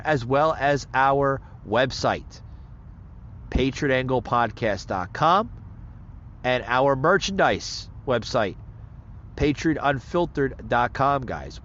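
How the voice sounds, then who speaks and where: A male podcast host with a mid-range voice, a little out of breath, rambles through a casual sign-off full of plugs. He speaks loosely, repeating himself and filling gaps with fillers, and the lo-fi recording is slightly muffled with a little hiss or hum.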